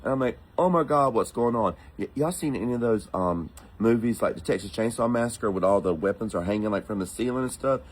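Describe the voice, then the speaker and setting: Man, from the United States, casual storytelling, animated, acts out quotes, lowish voice. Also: quick pace, few pauses, husky, rough recording.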